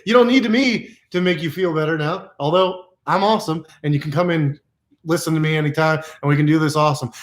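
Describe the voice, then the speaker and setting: Guy rambling thru a self-help pep talk, kinda high voice, goofy and repetitive. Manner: rambling, playful, repeats phrases, drops to a hush for meditation. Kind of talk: casual motivational monologue.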